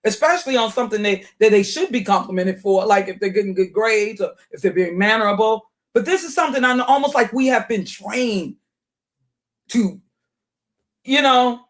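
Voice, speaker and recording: A woman's voice: fairly high pitch, expressive, normal speed. A woman hosting a casual commentary video, thinking aloud with many restarts and fillers, and at times reading a passage aloud. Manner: reads aloud from a search result on screen. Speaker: commentary channel host.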